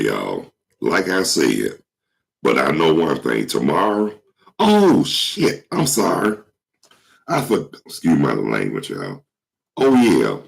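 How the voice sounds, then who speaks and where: A vlog host with a very deep voice, hoarse from a cold, delivers a casual monologue to viewers and keeps clearing his throat. He's slangy and rambling, swears freely, and calls his audience y'all, all on a low-quality recording.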